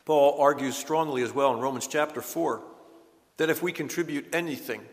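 A man preaching a sermon in an earnest, emphatic way, slowing down to stress key words. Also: a little high, big-room sound. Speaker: pastor.

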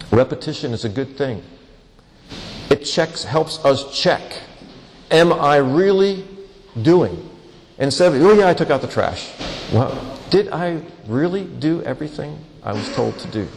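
A man's voice: medium pitch, a little mellow, long reverb tail, low-quality recording. A man preaching a sermon, teaching through a passage verse by verse and acting out bits of everyday dialogue to make his point. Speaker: pastor.

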